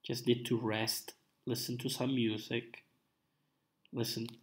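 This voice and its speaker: A man from Italy with an Italian accent, whose first language is Italian, sounding sick as he chats slowly and repetitively on a live stream. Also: mid-range voice, little pitch movement. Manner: slow, repetitive, drawn-out. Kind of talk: casual live stream chat.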